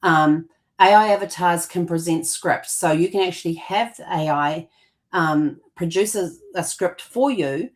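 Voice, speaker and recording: A woman co-hosting a casual conversation with a somewhat low voice. She explains in long, loose runs, trailing off and restarting often. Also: measured pace. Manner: rambling, with many fillers and restarts. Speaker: co-host.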